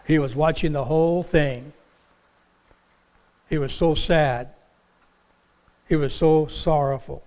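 A man delivers a sermon from a church stage, lively and storytelling, his voice sitting a touch high for a man. He acts out the voices in his quotes as he goes. The sound carries the long reverb of a large hall. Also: slow, long pauses. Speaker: pastor. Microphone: stage microphone with monitor.

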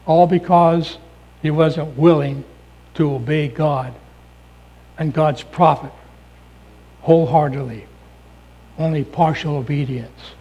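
A man preacher telling a story in a sermon, dropping his voice low for emphasis. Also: steady tone, slow, pauses often, lo-fi sound.

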